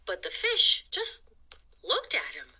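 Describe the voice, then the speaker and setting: A woman hosting a children's storytime, reading aloud in an expressive, playful, dramatic way. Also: sits high, slow, poor audio. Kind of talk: animated read-aloud storytime.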